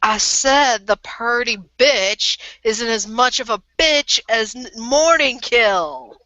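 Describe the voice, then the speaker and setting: A crude, whining, dim-witted male werewolf, voiced by a woman. He drawls slowly, with a bright, pushy tone. Dull, dry voice-chat sound. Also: a little high, no echo, voice pushed up. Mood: whiny.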